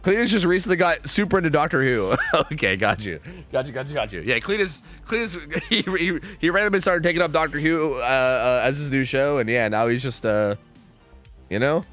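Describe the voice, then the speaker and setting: A man's voice: on the high side, animated, a little fast, a bit bright, faint music behind. A young man streaming, chatting casually with viewers in a rambling, profane, sarcastic way.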